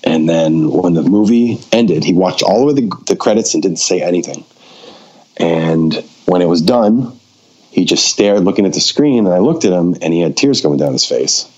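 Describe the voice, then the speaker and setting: Low-voiced male filmmaker spinning a casual story with plenty of ums and acted-out quotes. Slightly muffled recording. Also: moderate pace. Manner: animated storyteller who acts out quoted dialogue; frequent fillers and restarts. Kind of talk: casual anecdote-telling in a conversation. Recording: dull lo-fi recording.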